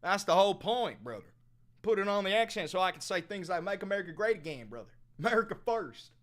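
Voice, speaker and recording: A young man playing a crude, brash livestreamer who swaggers, swears and swings from mumbling to shouting. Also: high voice, animated, brisk. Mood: mocking. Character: crude brash male livestreamer, calls everyone brother. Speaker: comedian. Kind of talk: comedic character sketch.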